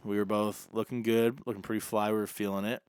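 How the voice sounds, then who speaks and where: A young man co-hosting a podcast, telling an animated story and acting out the dialogue in casual chat. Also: on the low side, fast, clean tone, no echo, studio quality. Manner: animated, acts out quoted dialogue. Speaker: podcast co-host.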